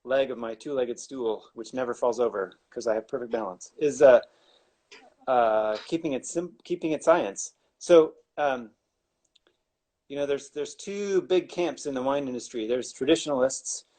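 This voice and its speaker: A man's voice: mid-range voice, moderate pace, dark tone. A man, a winemaker, explaining wine making in a casual, rambling way with wry asides and many restarts.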